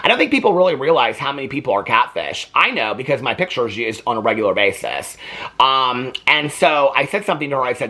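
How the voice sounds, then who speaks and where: Animated, bright-voiced man reacting to TV. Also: medium pitch, fast. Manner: animated, swears freely, laughs often. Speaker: reaction channel host. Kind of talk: casual TV reaction commentary.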